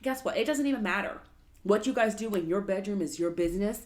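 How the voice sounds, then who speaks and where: A woman's voice: mid-range voice, quick pace. A woman co-hosting a casual podcast chat, animatedly retelling a story and acting out the quotes. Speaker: podcast co-host.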